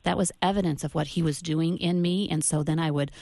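Low-voiced woman sharing earnest faith testimony. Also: fairly even intonation, fairly quick, gravelly, warm tone, no room sound. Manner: earnest testimony, loose restarts. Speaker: guest. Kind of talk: Christian talk show conversation.

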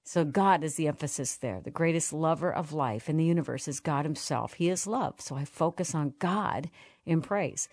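A woman hosting a radio interview in a low voice. She speaks earnestly and reads aloud slowly and reflectively. The sound is dry and close. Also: a little mellow, dry recording. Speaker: host.

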